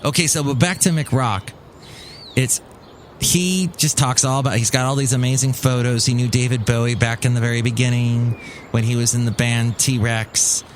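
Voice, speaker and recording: A man's voice: medium pitch, steady tone, moderate pace. A middle-aged man in a mid-range voice talks alone into his mic, wry and grumbling. He mocks other people in put-on voices, and a faint hiss sits under his casual chatter. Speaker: podcast host. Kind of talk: casual solo monologue.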